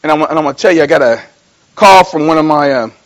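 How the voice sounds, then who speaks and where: A man preaching a sermon as pastor, telling homespun stories, dropping low and then rising into loud calls to the congregation. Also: fast talker, rough recording. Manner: folksy storytelling, swings from low mumbling to loud exhortation; repeats and restarts phrases.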